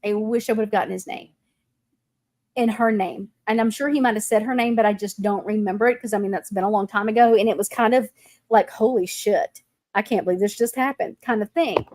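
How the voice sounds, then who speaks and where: A woman's voice: medium pitch, a little fast. A woman host, telling stories in a casual chat. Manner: animated storytelling.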